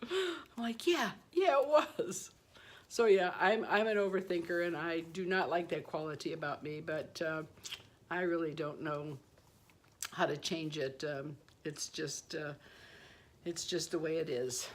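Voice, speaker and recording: A woman in her sixties chatting casually on her vlog, self-deprecating and quick to laugh at herself, telling stories with playful asides. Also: low-pitched, steady tone. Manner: warm storytelling with playful asides. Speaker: beauty vlogger. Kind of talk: casual personal vlog chat.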